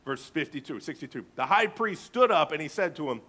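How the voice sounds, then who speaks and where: A man's voice: on the high side, very animated, fairly quick, bright, forceful tone, husky. A male pastor preaching a sermon, reading scripture emphatically and dramatically.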